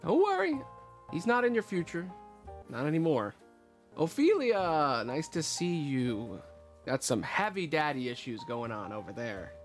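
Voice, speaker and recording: A man's voice: a little high, wildly swooping pitch, unhurried, faint music behind. Man doing a smug fortune-teller lady. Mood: teasing. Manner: mocking, teasing and impatient. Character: cryptic fortune-teller woman, smug and easily annoyed.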